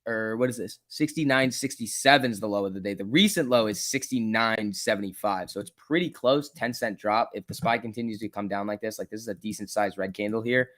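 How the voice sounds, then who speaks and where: A man hosting a live stock trading stream, reading chat questions aloud and muttering about charts, then bursting out excitedly when prices move. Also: lowish voice, fairly quick, few pauses. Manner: casual, swings from mutters to excited outbursts. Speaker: stock trading livestream host.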